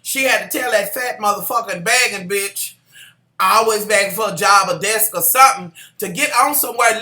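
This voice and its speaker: Sassy vlogger, casual TV recap, bright forceful voice, roomy echo. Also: medium pitch, normal speed. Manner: sassy, profane, talks to viewers as y'all and honey.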